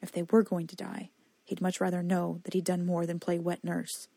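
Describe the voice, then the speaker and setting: Audiobook narrator, husky voice, dry close sound. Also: female voice, fairly low pitch, completely flat delivery, moderate pace, dark tone, no echo. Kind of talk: scripted narration.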